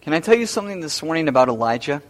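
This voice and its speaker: A man's voice: fairly high pitch, very animated, racing. A man preaching a sermon as pastor, emphatic and repeating key phrases.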